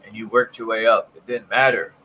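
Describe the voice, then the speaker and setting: A man's voice: fairly low pitch, little pitch movement, a little fast, bright, forceful tone, poor audio. A man in casual chat, bluntly recounting his work experience with plenty of swearing. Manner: blunt and profane, tells work stories.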